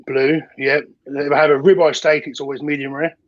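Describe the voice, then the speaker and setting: A man's voice: on the high side, flat delivery, fairly quick, no echo, dull audio. A British man as a podcast guest, talking casually in plain, matter-of-fact sentences over a remote call. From United Kingdom. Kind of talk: casual chat.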